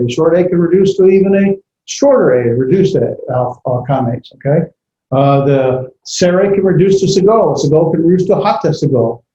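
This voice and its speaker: A man lecturing a class on grammar, pausing often with fillers and correcting himself. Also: on the high side, dark tone, slight background noise. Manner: halting, many fillers and self-corrections. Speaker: Bible language teacher. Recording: echoey classroom, dull lo-fi audio.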